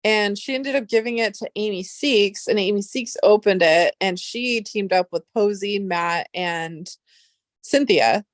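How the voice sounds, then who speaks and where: A young woman chatting casually on a livestream, rambling and excitable, swearing freely. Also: medium pitch, measured pace, no echo, studio quality. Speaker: livestream host.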